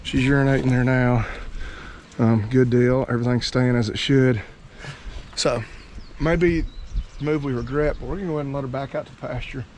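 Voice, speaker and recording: A man's voice: medium pitch, steady tone, normal speed, a little mellow. A man in his thirties or forties, a cattle farmer hosting his own vlog, talking in a folksy, chatty way with the odd dad joke while out of breath and tired from handling a cow outdoors. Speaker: cattle farmer and channel host. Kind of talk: casual farm vlog talk. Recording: faint outdoor background noise.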